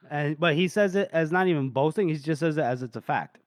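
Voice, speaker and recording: A man with a fairly high voice recaps a book for his co-hosts, acting out the lines in an animated way and laughing often. The sound is dry and close. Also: quick pace, few pauses, no echo. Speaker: podcast co-host. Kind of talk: casual chat recapping a book.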